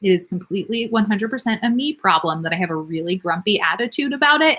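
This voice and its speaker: A woman in her thirties, a nurse practitioner, answers viewer comments during a live Q&A, talking fast with lively intonation in a mid-range, fairly bright voice. She's chatty, candid and self-deprecating, laughing frequently.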